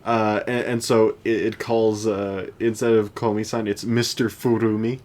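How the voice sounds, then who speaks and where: Man, podcast co-host, casual chat, rambling, fillers, lowish voice. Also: little pitch movement, normal speed, darkish tone. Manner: rambling, many restarts and fillers. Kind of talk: casual chat about anime.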